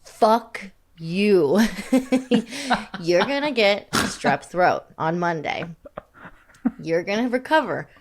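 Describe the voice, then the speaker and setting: A woman's voice: medium pitch, animated, takes it slowly, long pauses. A young woman co-hosting a podcast, chatting casually in a rambling, self-deprecating way and laughing often. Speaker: podcast co-host. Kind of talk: casual chat.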